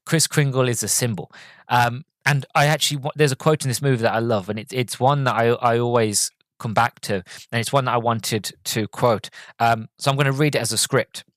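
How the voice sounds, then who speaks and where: A man's voice: mid-range voice, steady tone, fairly quick, dry recording. A man hosting a podcast, reviewing a film in a casual, earnest and rambling way, stumbling over and repeating words as he gets sentimental. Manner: sentimental, openly moved.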